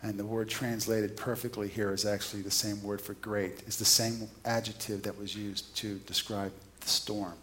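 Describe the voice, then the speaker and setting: A man's voice: fairly low pitch, flat delivery, normal speed, few pauses, fairly bright tone. A man preaching a sermon in a conversational, storytelling way, often putting questions to his listeners.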